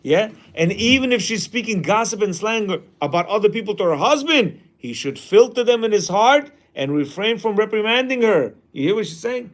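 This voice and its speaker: A man's voice: high-pitched, very animated, moderate pace. A man teaching a class in a casual way, reading a passage aloud and then commenting, often acting out quoted lines.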